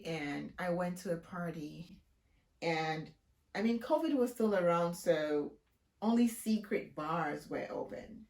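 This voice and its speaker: A woman vlogger telling a story in a casual, animated way, her voice jumping high when she is outraged. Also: reverberant.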